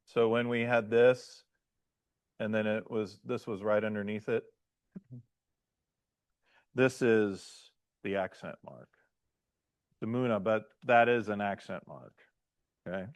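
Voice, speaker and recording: A man who is a pastor, teaching a class in a halting lecture style and often checking in with "right?" and "okay?". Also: fairly low pitch, steady tone, clean tone, dry recording. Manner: halting, restarts mid-phrase.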